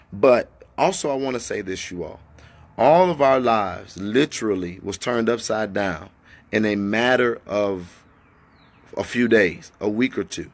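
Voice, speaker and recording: A man talking to his followers in an impassioned livestream, firing off rhetorical questions and at times lowering his voice, in an echoey indoor space. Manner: fiery, rhetorical questions, then hushed. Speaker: activist addressing followers.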